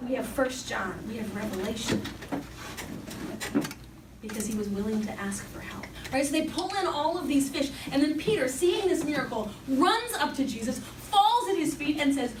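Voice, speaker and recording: A young woman giving an animated Bible talk as a youth speaker, storytelling with lively acted-out quotes. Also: sits high, normal speed. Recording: echoey hall from far off with background noise.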